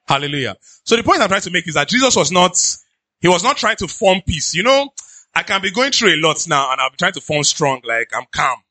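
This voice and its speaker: A pastor with a Nigerian accent preaching in an animated, conversational way, slipping into pidgin asides. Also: male voice, sits high, a little fast, no echo. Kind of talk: sermon.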